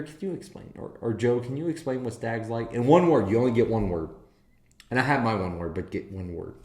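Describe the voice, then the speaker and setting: Male stream host, lowish voice, relaxed chatty delivery, keen and foul-mouthed, echoey room sound. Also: vocal fry. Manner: enthusiastic, swears, talks to chat viewers. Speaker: whiskey livestream host. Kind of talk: casual live-stream chat.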